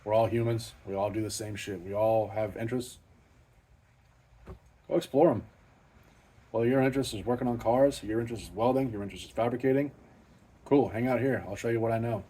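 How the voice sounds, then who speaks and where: A man's voice: medium pitch, fairly even intonation, fairly quick, long pauses, warm tone, slightly rough. A middle-aged man hosting an off-the-cuff garage vlog, swearing freely and talking in a blunt, self-deprecating, matter-of-fact way. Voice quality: profane, blunt and plain-spoken. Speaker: car channel host. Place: home garage.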